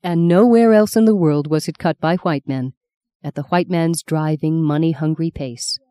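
A woman reading a novel aloud in a steady, measured narration. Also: low-pitched, clear, resonant tone, no echo, studio quality. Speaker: audiobook narrator. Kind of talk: scripted narration.

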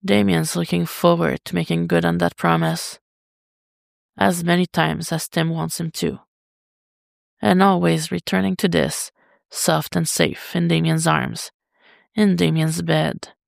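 A woman reading fiction aloud as a podfic, in a steady, unhurried way. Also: fairly low pitch, gravelly, no room sound, studio quality. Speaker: podfic reader. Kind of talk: slow fiction narration.

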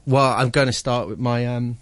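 A man's voice: medium pitch, steady tone, normal speed, fairly bright tone, no echo. A man chatting casually on a radio show about food and diets, rambling and enthusiastic, with lots of fillers and restarts. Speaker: guest cook.

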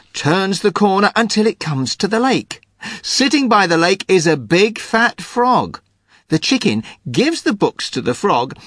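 Brief: husky, playful male joke-teller, pitch swinging widely, dry sound. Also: fairly bright tone, no echo. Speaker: studio guest telling a joke. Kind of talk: telling a joke.

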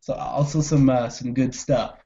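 A man co-hosting a casual movie review chat, animated and profane, quoting scenes in put-on voices. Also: mid-range voice, a little slow, muffled recording. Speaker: podcast co-host.

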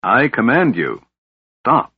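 A man's voice: mid-range voice, sing-song, slow, breathy edge, dry recording, voice pushed up, heavily acted. A man voicing a cold, imperious, masked human warlord who commands dragons, in an audiobook. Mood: stern commanding. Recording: dull lo-fi audiobook recording.

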